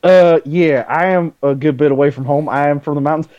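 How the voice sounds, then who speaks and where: Male player, polite, hesitant, mellow tone, muffled lo-fi sound. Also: on the high side, brisk, hardly any pauses, no room sound. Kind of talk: casual tabletop play.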